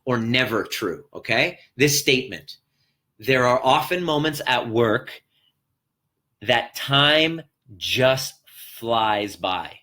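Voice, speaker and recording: A man's voice: medium pitch, a bit bright. A man talking as a life coach on a motivational live stream from a hotel room, speaking earnestly to viewers and repeating his key phrases.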